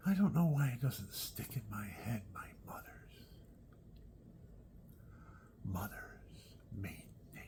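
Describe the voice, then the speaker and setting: A man telling rambling personal stories at home, often dropping into soft whispered asides. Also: medium pitch, wildly swooping pitch, slow, pauses often, noisy background.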